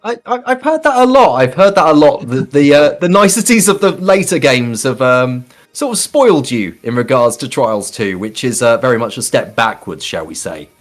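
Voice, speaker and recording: A man hosts a live gaming race with jokey, theatrical banter, politely calling his guests sir. His pitch rises and falls in a lively, animated way. Soft music plays faintly behind him. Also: moderate pace, few pauses. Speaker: race stream host. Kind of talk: playful live-stream banter.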